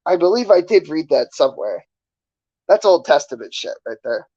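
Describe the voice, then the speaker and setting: A man's voice: on the high side, very animated, moderate pace, dark tone, no room sound, muffled recording. A man streaming, ranting casually to his chat in a sarcastic, profane, rambling way. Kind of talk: casual livestream rant to chat.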